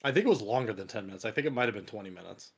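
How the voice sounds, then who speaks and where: A man's voice: lowish voice, expressive, very fast, creaky, slightly rough. A man chatting on a casual podcast in a matter-of-fact way.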